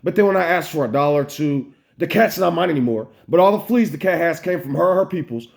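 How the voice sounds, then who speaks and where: An American man speaks straight to camera in a raw personal vlog, upset and rambling, his voice sitting a bit higher than most men's. He swears freely and circles back on his thoughts as he vents. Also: fast talker, gravelly. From United States. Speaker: vlogger. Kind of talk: emotional personal vlog rant.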